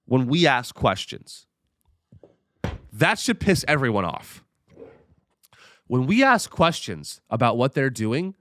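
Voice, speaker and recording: A man's voice: medium pitch, fairly bright tone, no echo, studio quality. A man hosting a comedy podcast, ranting sarcastically and profanely.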